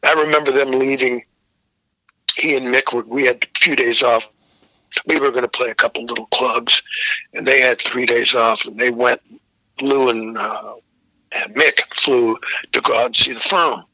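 A man's voice: medium pitch, steady tone, normal speed, pauses often, bright, forceful tone, no echo, poor audio. An older man, a rock vocalist, telling rambling, profane road stories in a casual interview. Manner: rambling anecdotal, frequent restarts, profane.

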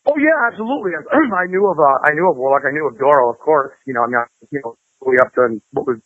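A man's voice: fairly high pitch, expressive, fast talker, no room sound. A man, a guitarist, telling stories in a rambling, casual interview manner. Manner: rambling, lots of fillers and restarts. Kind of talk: casual storytelling chat. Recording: tinny phone line.

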